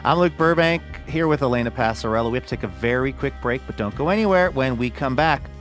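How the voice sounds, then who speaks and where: A man hosting a radio show, reading links and previews in an upbeat, brisk way. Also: mid-range voice, fairly bright tone, faint music behind.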